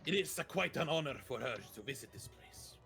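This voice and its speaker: A man voicing a grumpy, proud dwarf in a tavern, gruff and blustering. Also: a little high, expressive, pushed and bright, faint music behind, heavily acted. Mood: storytelling. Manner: gruff, quick to bluster and slam the table.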